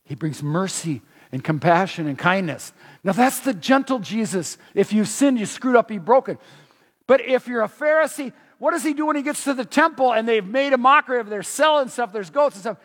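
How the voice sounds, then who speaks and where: Emphatic male preacher, high-pitched, sermon ringing through a large hall. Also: fairly quick. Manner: animated, emphatic, many restarts.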